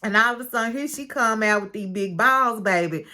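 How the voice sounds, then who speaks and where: Woman doing a casual show recap, expressive, tells it like gossip. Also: fairly high pitch, fairly quick. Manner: chatty and expressive, calls listener "baby"; retells scenes with quoted dialogue.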